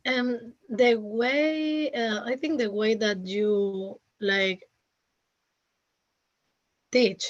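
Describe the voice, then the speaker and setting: Halting Venezuelan woman, slow and muffled. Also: a little high. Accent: Venezuelan Spanish. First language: Spanish. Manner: halting, restarts often, many "like" fillers. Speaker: interview guest, former student. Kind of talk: casual interview chat. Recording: muffled lo-fi call audio.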